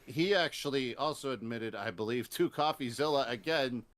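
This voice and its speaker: A man's voice: medium pitch, normal speed, a bit bright, no room sound. A man co-hosting a casual podcast, rambling and hesitant, full of fillers and jokes. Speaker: podcast co-host.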